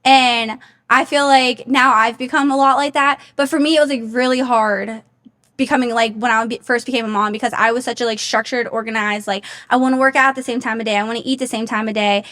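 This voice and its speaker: Young woman, high voice, chatty, lots of "like", casual podcast host. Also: fairly even intonation, a little fast, a bit bright. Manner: chatty, storytelling, lots of "like" fillers. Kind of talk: casual conversation.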